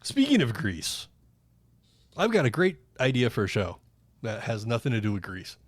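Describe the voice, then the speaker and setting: A man's voice: medium pitch, huge pitch swings, normal speed, no echo. A man co-hosting a casual podcast, telling rambling stories and swearing freely. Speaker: podcast co-host. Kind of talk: casual chat.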